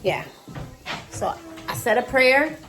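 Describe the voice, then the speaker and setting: A woman in her thirties telling a casual storytime about her day, dramatic and animated, talking to viewers as "y'all" while cooking at home. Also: sits high, slow pace, soft background music. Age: 30s. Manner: animated, dramatic retelling with quoted voices. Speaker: vlogger. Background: child singing in the background.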